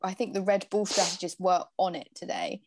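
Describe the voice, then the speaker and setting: A woman in a casual chat, measured and even-handed. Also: fairly low pitch, a little hiss or hum.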